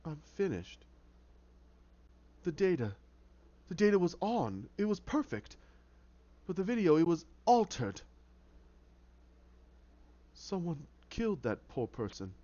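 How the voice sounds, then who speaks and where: A man's voice: fairly high pitch, big pitch swings, slow, pauses often, mellow. A man voicing a meek scientist who is really a sinister hatter villain, swinging between pleading and cold menace, on a dull lo-fi recording. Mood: crushed.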